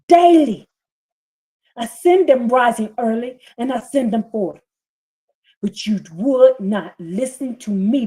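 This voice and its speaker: Streaming a scripture reading, this preacher speaks in a higher, warm voice. She is fiery and scolding, her impassioned reading climbing in bursts.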